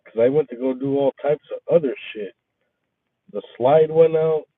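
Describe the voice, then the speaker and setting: A man telling a casual, profane story about his workday, venting with animated energy. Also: mid-range voice, normal speed, dry recording. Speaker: resort maintenance worker chatting with viewers. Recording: tinny phone-like, dry sound.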